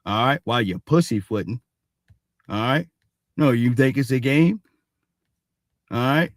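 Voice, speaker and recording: A man holds forth on the news in a blunt, profane, loose way, tagging almost every thought with a quick "all right?" His voice sits in an ordinary middle pitch and sounds close and dry, with no room around it. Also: lively intonation, dry recording. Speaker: show host. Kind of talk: casual news commentary stream.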